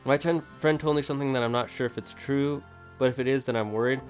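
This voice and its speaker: Man, streamer, casual rambling chat, middle-pitched voice, faint game music. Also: steady tone, fast. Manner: rambling, self-correcting, opinionated. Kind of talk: casual let's-play chatter.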